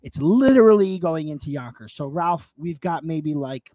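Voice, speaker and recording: A man's voice: a little high, normal speed, no room sound. A man telling a long, emotional story in a casual podcast chat, swearing and tripping over his words as he goes. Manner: excitable storyteller, swearing, repeating himself. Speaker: podcast co-host.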